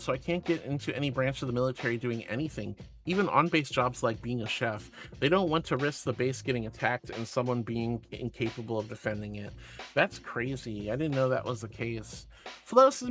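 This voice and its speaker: A man's voice: fairly high pitch, animated, a little fast, fairly bright tone, faint music behind. A man streaming as a VTuber, reading chat aloud in a sweet, doting way and calling viewers sweetie and honey.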